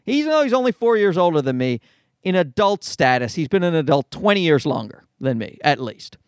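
A middle-aged man rants in a casual monologue, his voice high and swinging widely up and down. He swears freely and sounds exasperated. The sound is close and dry, with no room around it. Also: very animated, a little fast, clear, resonant tone, dry recording. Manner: profane, exasperated ranting. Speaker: comedian.

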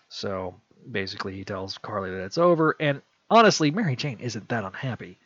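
A man's voice: fairly low pitch, big pitch swings, a little fast, few pauses, a bit bright, no room sound. A man casually recapping a story and rambling with fillers. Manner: rambling with fillers, acting out lines. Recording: dull lo-fi dry recording.

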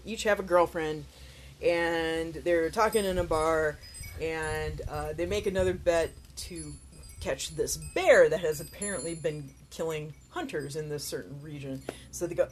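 A woman's voice: on the low side, darkish tone, a little hiss or hum. A woman chatting casually about a movie, rambling with fillers and amused asides, sounding tired. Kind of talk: casual film chat.

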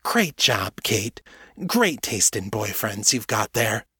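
A man's voice: on the low side, sing-song, slow, pushed and bright, husky, no room sound, clean studio sound, exaggerated voice. A man voicing a tough young woman warrior who talks bluntly and sardonically. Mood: wry.

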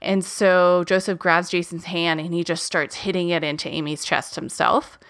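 A woman's voice: fairly low pitch, level tone, normal speed, fairly bright tone. A woman hosting a podcast, casually recounting a true crime case with lots of "um" and "like". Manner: chatty, many fillers like "um" and "like". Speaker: podcast host.

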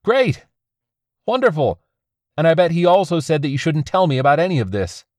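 A man voicing a worried but steady young man, reasoning and incredulous. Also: on the high side, normal speed, dry recording, studio quality, pitched above the performer's own voice.

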